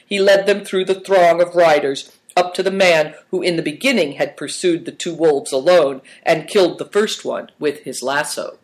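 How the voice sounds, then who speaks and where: Man narrating a story, slightly high voice. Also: normal speed, few pauses. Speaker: audiobook narrator.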